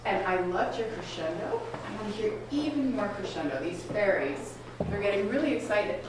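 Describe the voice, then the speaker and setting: A woman's voice: medium pitch, lively intonation, moderate pace, background noise. A woman coaching a student string ensemble in a masterclass, giving encouraging, direct instructions and asking many questions. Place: rehearsal room at a community center. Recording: echoey room, far from the mic. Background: string instruments playing.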